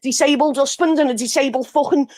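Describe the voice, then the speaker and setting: A woman's voice: sits high, fast, a little mellow, no room sound. A woman with a Scouse accent calling into a livestream, hurling abusive insults and threats. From Liverpool. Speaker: caller. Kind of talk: angry livestream call-in.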